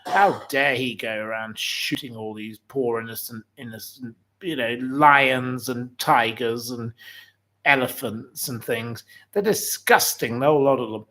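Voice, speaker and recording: A man's voice: mid-range voice, measured pace, bright, forceful tone, a little hiss or hum. A man in his forties hosting his channel, ranting indignantly and piling up one insult after another. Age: 40s. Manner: indignant, repetitive, heaps up insults. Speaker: channel host. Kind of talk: ranting livestream commentary.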